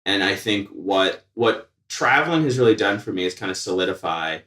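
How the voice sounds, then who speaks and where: A man's voice: on the low side, lively intonation, moderate pace, pushed and bright, far from the mic. A man co-hosting a casual podcast chat with a dry, self-mocking, jokey manner. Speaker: podcast co-host. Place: indoor room with an audience of one. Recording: echoey room.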